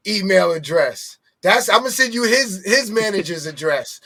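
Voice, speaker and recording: A man co-hosting a podcast, excitable and hyped, often repeating himself. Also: high voice, unhurried. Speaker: podcast co-host. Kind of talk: casual podcast chat.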